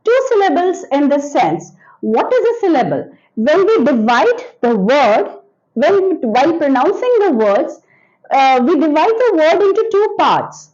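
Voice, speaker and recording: A female teacher guides children through an English grammar lesson, repeating each example word slowly. Her voice is high and lively, rising and falling a lot, and the recording sounds dull and lo-fi.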